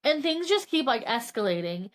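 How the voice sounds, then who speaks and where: Woman, high voice, podcast co-host, chatty book recap, swears a lot. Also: moderate pace. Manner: animated retelling with swearing and acted quotes. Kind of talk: casual book recap chat.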